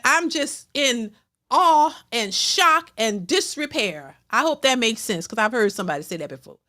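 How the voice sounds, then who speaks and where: High, sharp-voiced woman ranting. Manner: emphatic, repetitive, blunt. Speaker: reaction channel host. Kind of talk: ranting commentary.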